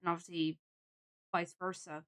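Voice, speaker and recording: A woman's voice: lowish voice, flat delivery, moderate pace, a bit bright. A young adult woman streaming a game, chatting in a casual, emotional, reflective way.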